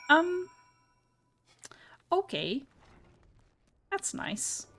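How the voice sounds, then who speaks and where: A woman's voice: high-pitched, big pitch swings, slow pace, pauses often, bright, forceful tone, breathy edge. A young woman streamer giving casual, giggly, chatty commentary while playing a game. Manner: giggly, chatty, self-deprecating.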